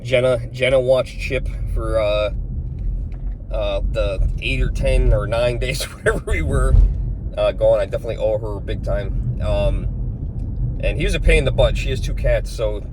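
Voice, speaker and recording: A man's voice: on the low side, a little slow, background noise. A man talking casually to camera in a rambling, chatty way, often chuckling between stories. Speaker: vlogger.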